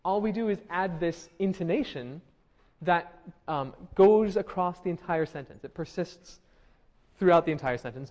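A man's voice: fairly high pitch, a little mellow. A man teaching a linguistics class, explaining step by step and often checking in with his students. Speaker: linguistics lecturer. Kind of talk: classroom lecture.

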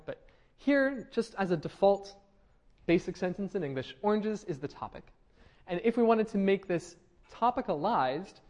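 A man's voice: high-pitched, darkish tone. A young man teaching a linguistics class, explaining patiently and often checking in with students, with frequent ums. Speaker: linguistics instructor. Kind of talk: classroom lecture.

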